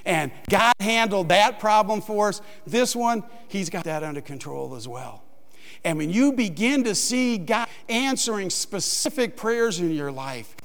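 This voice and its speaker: A man's voice: sits high, vocal fry, a bit bright. A man preaching a sermon, telling a funny personal story and acting out his own panicked voice in the quotes. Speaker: pastor. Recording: long hall reverb.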